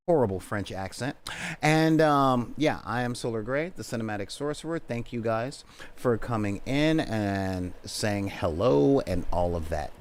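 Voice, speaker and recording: A sleep-deprived man hosting and running a tabletop role-playing stream, joking and rambling and often tripping over his words. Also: lowish voice. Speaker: host and game master. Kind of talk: casual streamed tabletop game intro.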